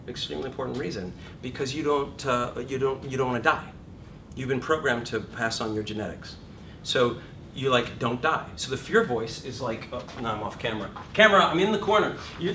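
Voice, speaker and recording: A middle-aged man lecturing an acting class, animated and jokey, acting out inner voices as he talks. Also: a little high. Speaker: acting teacher. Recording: echoey room, far from the mic, noisy.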